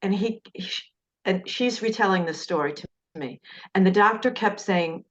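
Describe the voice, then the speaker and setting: A woman's voice: medium pitch, normal speed, a bit bright. A middle-aged woman teaching a class through rambling personal stories, with frequent restarts. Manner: rambling storyteller, frequent restarts, acts out quoted voices. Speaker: class instructor. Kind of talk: anecdotal teaching talk. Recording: dull lo-fi recording.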